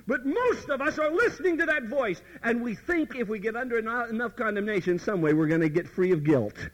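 A man's voice: extremely high pitch, expressive, brisk, hardly any pauses, low-quality recording. A man preaching a sermon with dramatic emphasis, addressing the listener directly and sometimes dropping to near whispers.

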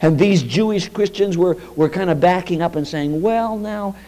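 Male preacher, high-pitched, emphatic lecturing sermon delivery. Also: dark tone, low-quality recording. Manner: emphatic, slows down on quoted scripture.

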